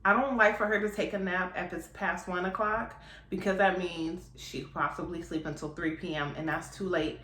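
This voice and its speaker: A woman vlogger and mother of three chatting casually at home, lively, laughing often and acting out what people say. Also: on the low side, moderate pace, roomy sound. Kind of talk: casual chat to camera.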